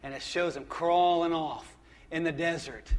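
A man's voice: a little high, fairly even intonation, measured pace. A man pastor preaching a sermon in a church, conversational and emphatic, often restarting and repeating phrases.

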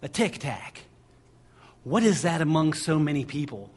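Male preacher, husky and a touch high-pitched, delivers a sermon with driving repetition. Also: big pitch swings, a little slow.

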